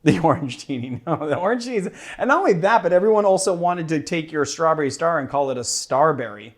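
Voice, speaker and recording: A man with a fairly high voice hosts a cocktail show and tastes a drink on camera. He talks in a loose, rambling way, pokes fun at himself and laughs easily. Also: quick pace. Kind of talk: casual tasting chat.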